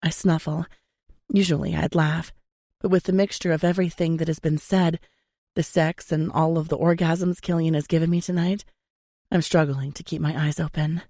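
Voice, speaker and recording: A young adult woman narrating a first-person romance audiobook in an intimate, measured way on a close studio mic. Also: low voice, flat delivery, mellow, no echo.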